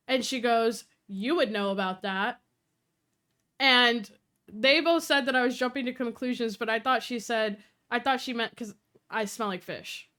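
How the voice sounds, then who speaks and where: A young woman streamer talks to her chat in a fast, animated rush, swearing freely and slipping into quoted voices as she tells her stories. Her voice sits a little high and sounds bright and sharp. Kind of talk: casual live-stream chat.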